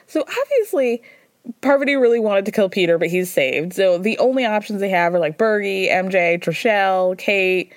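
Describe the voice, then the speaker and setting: A woman hosting a podcast, recapping casually in a chatty, animated way and jumping into high mimicking voices. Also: fairly quick, no echo, clean studio sound. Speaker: podcast host.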